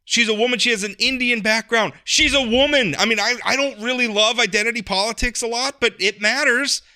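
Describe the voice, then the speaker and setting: A man hosting a casual political podcast chat. He talks in an animated way, often restarting and repeating words. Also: extremely high pitch, fairly quick. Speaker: podcast host.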